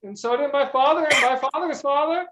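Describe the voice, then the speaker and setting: A woman's voice: high voice, brisk, fairly bright tone, voice pushed up. A woman voicing an anxious, humble peasant man who pleads eagerly for help. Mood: eager, pleading.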